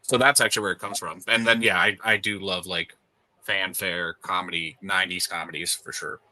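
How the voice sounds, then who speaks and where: A man's voice: sits low, steady tone, brisk, pushed and bright, dry recording, rough recording. A young man from the States chatting casually, rambling with lots of fillers and restarts. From United States. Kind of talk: casual chat.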